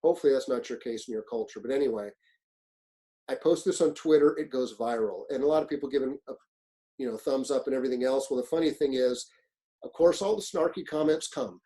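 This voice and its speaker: Blunt, animated fire officer telling stories. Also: male voice, medium pitch, fast, poor audio. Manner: animated storyteller, acts out quotes, blunt and profane. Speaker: fire service leadership instructor. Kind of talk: webinar presentation, storytelling. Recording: webinar, own presentation.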